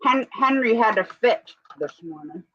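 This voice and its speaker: A woman's voice: fairly high pitch, lively intonation, unhurried, fairly bright tone, dry recording. A woman co-hosting a live stream in a casual, rambling chat, breaking off now and then to give commands to her dog. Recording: dull lo-fi stream audio.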